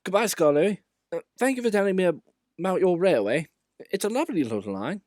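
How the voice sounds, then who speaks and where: A kindly engine in a children's story with a high, bright, courteous voice, as a man puts him on. The sound is dry and close. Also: sing-song, fairly quick, no echo. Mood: polite. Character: polite friendly male engine.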